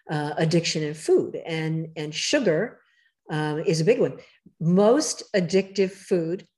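A woman author as a podcast guest, talking casually but emphatically, lecturing in quick bursts, her voice rough in the morning. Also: lowish voice, a little mellow. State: morning voice, throat clearing.

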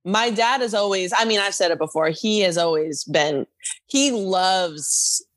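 A woman's voice: medium pitch, unhurried. A young woman hosting a podcast, chatting casually and acting out the people in her stories. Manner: animated storyteller, quotes people in lively voices. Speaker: podcast host. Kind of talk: casual chat.

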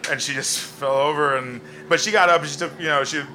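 A man speaking on a convention panel, halting with many restarts and fillers. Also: fairly high pitch, steady tone, pushed and bright, slight background noise. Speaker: panel guest. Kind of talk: casual panel chat.

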